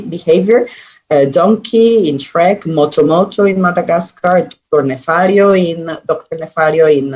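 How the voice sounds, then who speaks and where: A presenter giving an academic conference talk in a measured, halting way, with frequent pauses. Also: mid-range voice, darkish tone. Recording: dull muffled recording.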